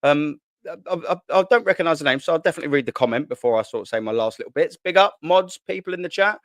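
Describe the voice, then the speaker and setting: A man's voice: fairly high pitch, lively intonation, quick pace, no room sound. Guy ranting on his stream from the kitchen, lots of slang, swears, repeats stuff, dry sound. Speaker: football channel host. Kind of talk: casual live-stream chat. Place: at home, sitting at a kitchen island.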